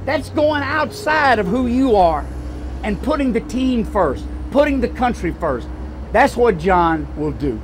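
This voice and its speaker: A man's voice: very high-pitched, sing-song, a little slow, slight background noise. An older man from Louisiana with a Southern American accent, giving a folksy, rousing campaign speech full of stories. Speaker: political speaker.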